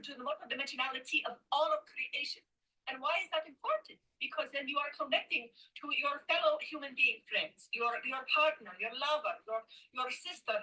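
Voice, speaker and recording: Give me a woman voicing a soft-spoken Pleiadian spirit guide with a high, bright voice and a humming "mm" tic, heard a little far from the mic. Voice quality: "you see" and humming "mm" tics, slow searching phrasing. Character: channeled female Pleiadian light being, gentle teacher. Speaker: trance channel. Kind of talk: channeled spiritual teaching.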